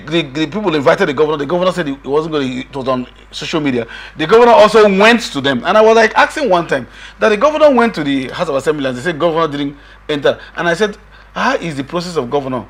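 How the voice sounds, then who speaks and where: A middle-aged Nigerian man appears as a political guest, his husky voice high and animated. Emphatic and insistent in the lively political discussion, he repeats himself and raises his voice when quoting others.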